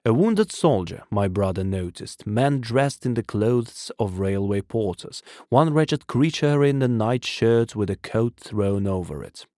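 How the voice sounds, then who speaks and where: Measured male audiobook narrator. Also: lowish voice, lively intonation, darkish tone, no room sound, clean studio sound. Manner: measured, dramatic storytelling. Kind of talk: scripted narration.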